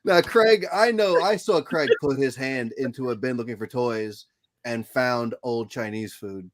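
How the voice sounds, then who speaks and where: A man's voice: mid-range voice, unhurried, dry recording. A man guesting on a casual chat, keeping things upbeat and diplomatic.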